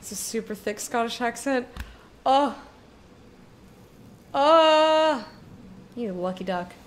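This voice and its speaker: A woman streaming a video game and chatting casually with her viewers, talking in a drawn-out way that lingers on words. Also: medium pitch, slight background noise.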